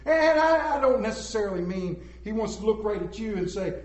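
A male preacher tells jokes and stories to his congregation, swinging between hushed and loud. His fairly high voice echoes around a large hall. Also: expressive, brisk. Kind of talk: folksy sermon. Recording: roomy echoing hall.

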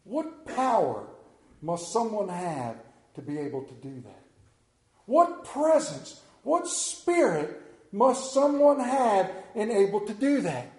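A man preaching a sermon in an emotional, halting way, often repeating his words as he gets carried away. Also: sits high, big pitch swings, a little mellow, roomy sound.

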